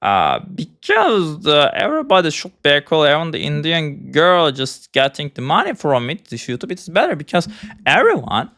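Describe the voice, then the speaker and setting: A man in his twenties talking casually in broken, halting English, grumbling and half-joking, often calling the listener brother. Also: a little high, huge pitch swings, sharp tone. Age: 20s. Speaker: vlogger. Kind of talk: casual rambling monologue.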